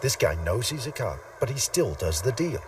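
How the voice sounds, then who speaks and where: A man's voice: mid-range voice, sing-song, fairly quick, distant mic, background noise. A man hosting a jokey TV crime show, narrating with a wry, punchy delivery. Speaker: host. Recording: TV audio with music behind, from off mic.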